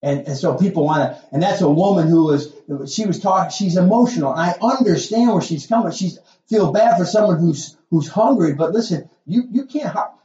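A man's voice: high-pitched, mellow, roomy sound, highs cut off. A middle-aged male pastor preaching a sermon in a folksy, conversational way, full of asides and rhetorical questions.

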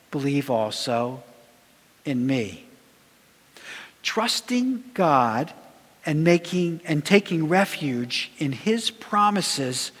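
A man preaching a sermon in a measured, emphatic way, his voice dropping low at the ends of phrases. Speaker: pastor. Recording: long reverb of a church hall.

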